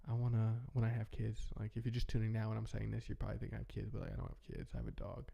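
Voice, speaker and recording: A man's voice: on the low side, expressive, rapid-fire, gravelly, warm tone, highs cut off. A young man talking in a rambling, heartfelt way, chatting casually as a podcast host. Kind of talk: casual reflective chat.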